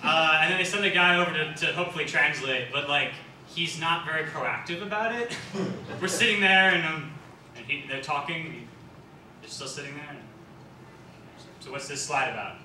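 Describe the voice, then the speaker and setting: A young man tells a comic story on a convention panel, rambling and laughing as he goes, his voice high and lively. He sounds echoey and far off in a noisy room. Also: a little fast. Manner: rambling, laughing often, acts out quotes. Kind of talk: casual comedic storytelling. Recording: echoey hall, distant mic, noisy.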